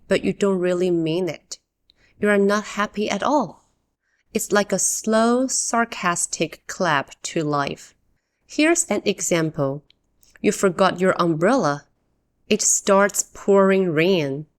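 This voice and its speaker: A woman hosts an English-learning podcast and walks through everyday phrases at an unhurried pace. Her mid-pitched voice stays clear and scripted. She acts out each example phrase with expression. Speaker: English teacher and podcast host.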